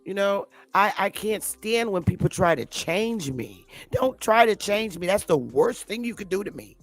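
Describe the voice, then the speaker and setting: Faint music plays behind a woman whose medium-pitched, expressive voice moves at normal speed. A commentary vlogger, she rants unscripted with a combative, defiant edge, swearing heavily, speaking bluntly and repeating herself for emphasis.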